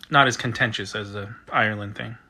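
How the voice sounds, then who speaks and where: A man's voice: lowish voice, gravelly, background noise. A man from the United States hosting a casual livestream, chatting loosely and reading out viewer comments and usernames as they arrive. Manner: chatty, reads out usernames and reacts. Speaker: livestream host.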